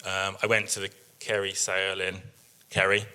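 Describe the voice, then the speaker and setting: A man in his thirties gives a relaxed workshop talk, rambling through stories about his sheep with plenty of ums. His voice sits a little low but sounds bright and forceful. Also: moderate pace, smooth. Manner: chatty storytelling with many fillers. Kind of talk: presentation with slides.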